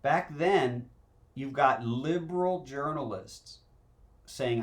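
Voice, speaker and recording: A man's voice: medium pitch, moderate pace. A man co-hosting a talk show, chatting casually and laughing often. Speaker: co-host.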